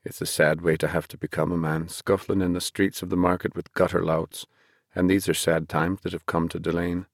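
A man's voice: deep voice, flat delivery, brisk, gravelly, dry recording, studio quality. A man voicing a sorrowful old-world farmer father. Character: worried, tender middle-aged farmer father.

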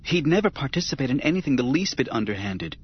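A man voicing a gentle, loving young woman senator with a reassuring manner. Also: medium pitch, big pitch swings, fast, dull audio, slight background noise, close to an everyday voice. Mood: earnest.

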